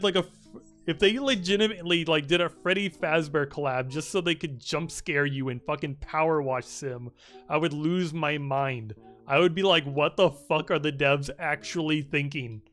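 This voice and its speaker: An excitable young male streamer riffs loosely over his gameplay, swearing freely and packing his speech with "like". His voice sits a little higher than most men's, and faint music plays underneath. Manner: excitable, rambling, swears often, many "like" fillers. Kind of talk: casual gameplay commentary.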